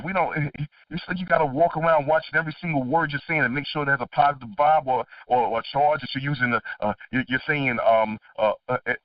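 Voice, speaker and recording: A middle-aged man hosting a podcast, talking in a casual, animated way, swearing freely and laughing between his points. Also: on the high side, no room sound. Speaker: podcast host. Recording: dull distant lo-fi dry recording.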